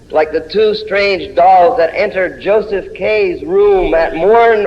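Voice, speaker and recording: A man with a high voice reads his poem as a chant, circling back to the same refrain with incantatory insistence. The recording is dull and lo-fi. A long hall reverb trails behind his words. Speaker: poet. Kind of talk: poetry reading.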